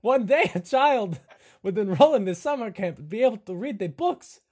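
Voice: medium pitch, animated, moderate pace, mellow, breathy edge, pitched above the performer's own voice. A game master voicing an eccentric, overly cheerful male camp keeper in a tabletop game, with odd formal phrasing. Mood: ecstatic.

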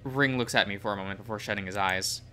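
Bright-voiced man reading a visual novel. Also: lowish voice, fast talker, a little hiss or hum. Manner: plain narration with fillers. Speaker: game reader.

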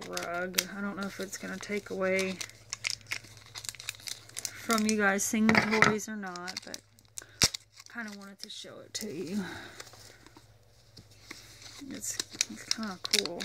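Lady rambling through a toy unboxing, takes her time, noisy recording with wrappers crinkling. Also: medium pitch. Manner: rambling, chatty, thinks aloud. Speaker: toy reviewer. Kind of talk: casual unboxing chat.

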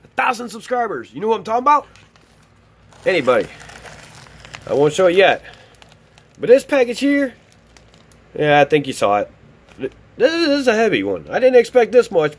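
A man opening fan mail on camera in an excited, gushing, exclamatory vlog chat. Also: sits high. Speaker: YouTube vlogger opening mail. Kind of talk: excited casual unboxing chat.

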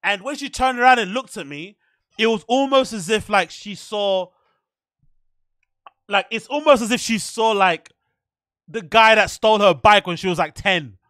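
High, bright-voiced man ranting casually. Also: normal speed, pauses often, no echo, studio quality. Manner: profane, animated, laughs often. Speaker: podcast host. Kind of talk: casual storytelling monologue.

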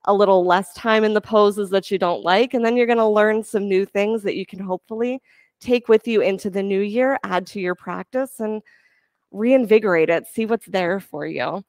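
A woman yoga instructor giving calm, encouraging cues for breath and poses during a class. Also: mid-range voice, normal speed, no room sound, clean studio sound.

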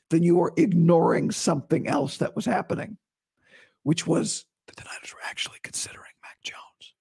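Hoarse male podcast host with a gravelly fry, blunt and opinionated, talking straight to listeners. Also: sits high, a little mellow. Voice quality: rough, breathy voice dropping into whispers. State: hoarse, recovering from vocal cord surgery. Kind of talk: casual solo podcast monologue.

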